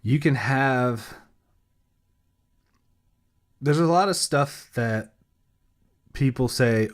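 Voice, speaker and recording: A man's voice: mid-range voice, lively intonation, slow pace, pauses often. A sleep-deprived man co-hosting a podcast by himself, rambling casually, losing his thread and laughing at himself. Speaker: podcast co-host.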